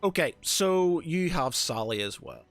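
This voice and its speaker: A man's voice: fairly high pitch, lively intonation, measured pace, no room sound, soft background music. A man narrating a tabletop game as game master, hesitant and filling his talk with "sort of kinda".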